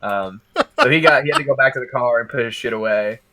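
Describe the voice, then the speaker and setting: A man on a podcast casually telling a story, animated and laughing through his own anecdotes. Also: medium pitch, fast talker.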